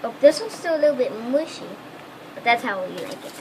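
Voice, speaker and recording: A young woman with a high voice chats cheerfully in a home kitchen as she bakes cookies. Her remarks are short and easy, and a clear room hum sits steadily behind her. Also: lively intonation, fairly quick. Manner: cheerful, short chatty replies. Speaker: daughter co-hosting a cooking video. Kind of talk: casual home cooking vlog.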